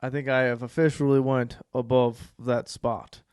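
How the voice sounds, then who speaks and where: A young man co-hosting a podcast, telling a story in a casual, profane way, dropping to a hush and then bursting out loud. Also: medium pitch, normal speed, clean tone, no room sound, studio quality. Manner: animated storytelling, profane, swings from hushed to loud. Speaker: podcast co-host. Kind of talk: casual chat.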